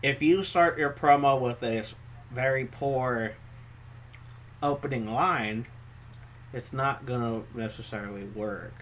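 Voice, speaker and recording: A man co-hosting a casual podcast chat about online wrestling, animated and quick to jump in with asides. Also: medium pitch, a little hiss or hum. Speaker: co-host.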